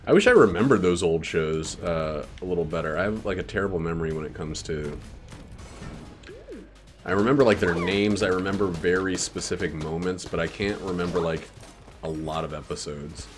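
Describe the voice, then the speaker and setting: Deep-voiced joking gamer man. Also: moderate pace, music in the background. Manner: playful, joking, laughs often. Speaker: gaming channel host. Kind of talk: casual let's play chat.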